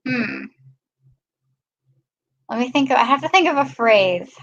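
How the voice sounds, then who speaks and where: A woman's voice: on the high side, animated, unhurried, fairly bright tone, muffled recording. A woman hosting a casual live stream, chatting and greeting viewers by name. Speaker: live-stream host filling in.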